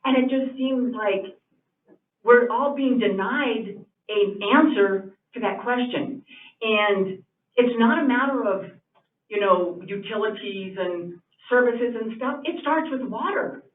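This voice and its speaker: A woman's voice: on the high side, slow pace. A woman speaking as a neighboring landowner at a town meeting, firm and argumentative, with frequent fillers. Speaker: neighboring landowner at public comment. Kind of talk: public meeting comment. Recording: echoey, distant, tinny phone-like sound.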